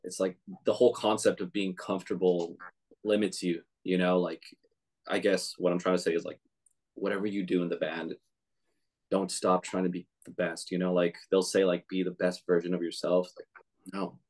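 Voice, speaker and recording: Deep-voiced young man rambling casually. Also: little pitch movement, normal speed, a little mellow. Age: young adult. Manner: rambling, full of "like". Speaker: band member. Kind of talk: casual chat.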